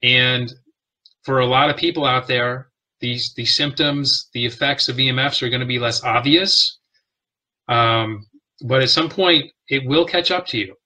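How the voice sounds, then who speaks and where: A man hosting an interview, asking his guest questions in a steady way. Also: mid-range voice, measured pace, low-quality recording. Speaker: host.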